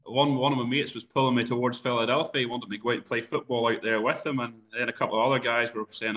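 A young Irish man from Ireland who manages a stud farm, talking in a halting way with many repeated words and ums in an interview. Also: medium pitch, fairly even intonation, a bit bright. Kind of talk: phone interview chat.

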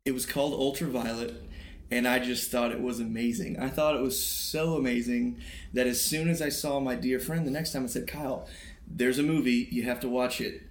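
Young male co-host, casual, deadpan mock-serious quips. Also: mid-range voice, fairly quick. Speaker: podcast co-host. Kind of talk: casual chat.

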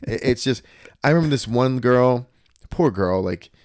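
A man's voice: medium pitch, moderate pace, smooth, dry recording, studio quality. A man in his thirties, a podcast host, chatting casually and bluntly, telling stories and acting out other people's voices. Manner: blunt, animated storyteller doing voices of others.

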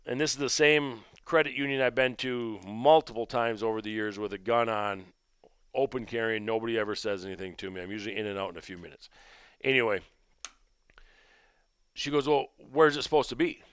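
A man hosting his own podcast, telling a story in a rambling, conversational way and dropping low and quiet when he recounts his own remarks. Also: a little fast, clean tone, no room sound, clean studio sound. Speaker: podcast host and gun shop owner. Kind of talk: casual storytelling monologue.

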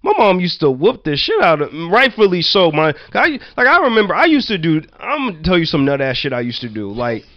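A man from Virginia telling childhood stories in casual chat, loose and profane, full of "like" and quick laughs. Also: on the high side, big pitch swings, no echo, lo-fi sound. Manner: loose, profane, laughing anecdotes with many "like" fillers. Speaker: storyteller.

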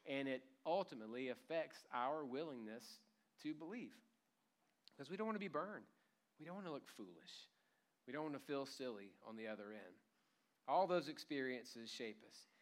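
A man preaching a sermon, telling the story in an animated way with a light chuckle now and then. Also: mid-range voice. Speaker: pastor.

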